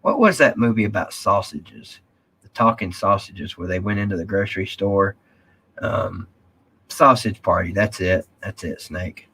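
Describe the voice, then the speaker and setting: A man's voice: low-pitched, fairly even intonation, a little slow, bright, forceful tone, slightly rough. A man hosting a casual live stream, rambling and reading viewer comments aloud.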